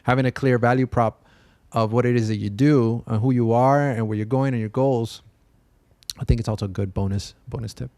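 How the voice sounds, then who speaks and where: A man's voice: medium pitch, steady tone, a little fast, mellow, dry recording. Guy cohosting a chill podcast, rambles n restarts a lot, dry close sound. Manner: rambling, loose, with frequent restarts and fillers. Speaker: podcast co-host. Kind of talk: casual chat.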